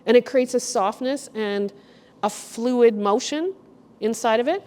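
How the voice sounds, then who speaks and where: A middle-aged woman curator giving a chatty, animated walk-through talk to a group in an art gallery. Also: a little high, a little slow. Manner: chatty, animated storyteller, addresses the group directly. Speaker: guest curator. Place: art gallery exhibition room.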